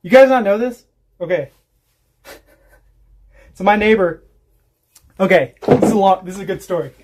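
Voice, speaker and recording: A homestead vlogger chats on a casual livestream, telling rambling, profane stories and laughing along. His voice sits high, with a darkish tone, at normal speed.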